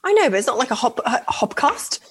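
A woman's voice: on the high side, sing-song, quick pace, breathy edge. A woman co-hosting a radio dating show, chatting frankly and swearing freely. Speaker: podcast co-host. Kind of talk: casual chat.

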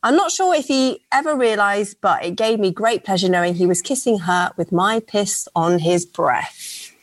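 A woman's voice: mid-range voice, animated, moderate pace, no room sound. A young woman co-hosting a radio dating show, chatty and sweary, with frequent laughs. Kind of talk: casual banter on a radio podcast.

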